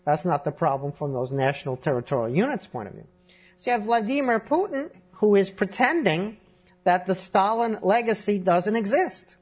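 Fluent male historian explaining at length. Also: high-pitched. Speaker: historian guest. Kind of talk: long-form interview.

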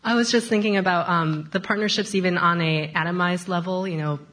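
Low-voiced woman on a panel. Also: fairly even intonation, a little fast, fairly bright tone. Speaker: panelist from philanthropy. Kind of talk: panel discussion answer.

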